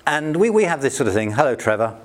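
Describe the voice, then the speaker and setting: British guy preaching, chatty and funny about himself, voice sits a bit high for a man. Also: very animated, fast talker. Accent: British English. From Britain. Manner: conversational, anecdotal preaching with self-deprecating humor. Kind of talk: sermon.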